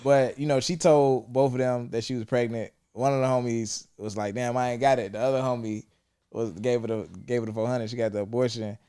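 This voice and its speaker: A man's voice: medium pitch, steady tone, brisk, warm tone, clean tone. A young man co-hosting a podcast in casual, laid-back chat, telling a friend's story and wrapping up the show. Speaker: podcast co-host.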